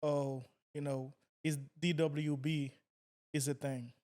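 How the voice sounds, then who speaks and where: A man's voice: on the high side, flat delivery, takes it slowly, a little mellow. A man hosting a podcast, asking questions hesitantly with many filler words. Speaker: podcast host. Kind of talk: interview questions.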